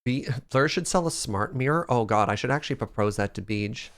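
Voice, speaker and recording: A man's voice: mid-range voice, animated, brisk, a bit bright. Playful male streamer chatting with viewers. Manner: playful, reads chat and thanks viewers. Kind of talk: casual live-stream chat.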